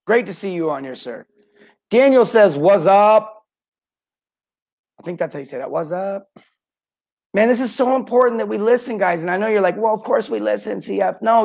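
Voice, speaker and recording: A man in middle age runs a live coaching stream for tradespeople, his voice sitting high for a man. He talks with lots of energy, greets viewers by name and slips into quick acted-out customer lines to make his point. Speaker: podcast host and plumbing sales coach.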